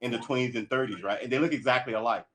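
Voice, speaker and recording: A man's voice: medium pitch, rapid-fire, a bit bright. A man casually commenting on an old movie during a livestream, talking in a rambling, chatty way and often stopping to correct himself. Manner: rambling, chatty, self-interrupting. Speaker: livestream host.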